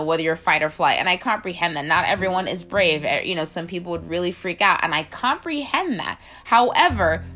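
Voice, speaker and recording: A woman casually reviewing a film, incredulous and rambling, filling her talk with "like" and squealing the characters' lines. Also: fairly bright tone. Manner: incredulous, rambling, heavy use of "like"; acts out characters' lines in squealing high voices. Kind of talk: casual movie review rant.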